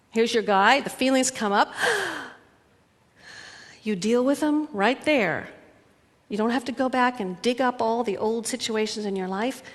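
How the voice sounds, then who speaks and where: A woman relationship coach giving an earnest, animated talk that acts out little scenes. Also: a little high, long reverb tail.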